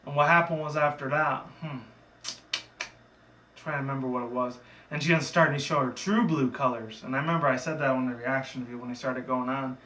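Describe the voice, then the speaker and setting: A man's voice: medium pitch, fairly even intonation, fairly quick, pushed and bright, far from the mic, a little hiss or hum. A man casually recapping a cartoon episode in a rambling, loose way, with profane asides. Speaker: reviewer. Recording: echoey room, away from the mic.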